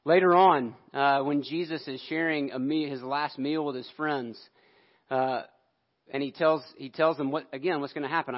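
A male preacher telling a scripture story in an animated sermon, acting out the quotes. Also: fairly high pitch, normal speed, muffled recording.

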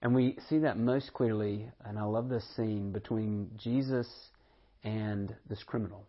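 A man's voice: on the low side, fairly even intonation, a little slow, dull audio. A man preaching a sermon earnestly, repeating words and asking rhetorical questions. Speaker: pastor.

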